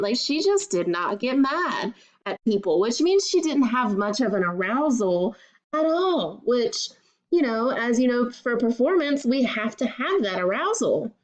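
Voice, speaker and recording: A woman's voice: fairly high pitch, poor audio. A woman student giving a recorded class presentation, telling a story casually with filler words.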